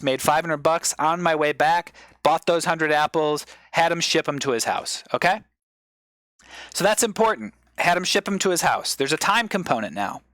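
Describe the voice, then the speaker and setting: A male comedian on a live stream, giving an improvised mock lecture as a rambling explainer with sudden excited bursts. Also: a little high, no room sound.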